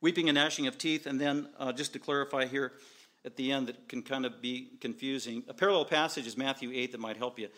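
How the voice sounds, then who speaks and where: A man's voice: medium pitch, steady tone, fairly quick, fairly bright tone. A man preaching a sermon as pastor, driving home his points with repeated short, emphatic declarations.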